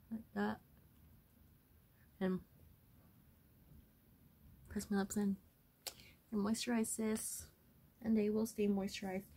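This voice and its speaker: A woman's voice: mid-range voice, gravelly, darkish tone. A woman chatting casually through a shopping haul vlog, rambling and correcting herself as she goes. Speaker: vlogger. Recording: background noise.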